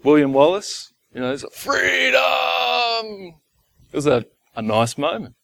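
A man preaching a sermon to his church in a relaxed, conversational way, with asides to the congregation. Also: medium pitch, a little fast. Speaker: pastor. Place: church gathering.

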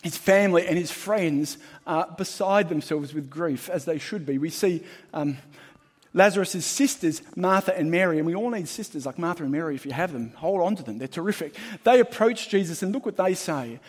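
A man preaching a sermon as pastor, emphatic and shifting between loud and hushed. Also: fairly high pitch, animated, normal speed, husky. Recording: long hall reverb.

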